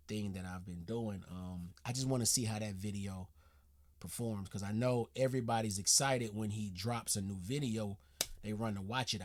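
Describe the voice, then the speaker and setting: Excitable, profane male reaction host. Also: lowish voice. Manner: excitable, profane, jumps into loud outbursts; slangy, rambling with restarts. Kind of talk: casual reaction commentary.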